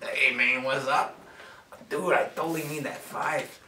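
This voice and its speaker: A man putting on the voice of an excitable male card player who talks in breathless dude slang. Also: a little high, fairly quick, far from the mic, a little hiss or hum, voice pushed up. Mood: casual. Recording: roomy echo.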